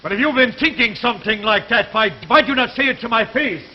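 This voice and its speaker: A proud, middle-aged Norwegian immigrant foreman with a Norwegian accent. He speaks in stiff, formal phrases without contractions, in a husky, strikingly high voice. The sound is a muffled 1950s television recording. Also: quick pace. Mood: indignant.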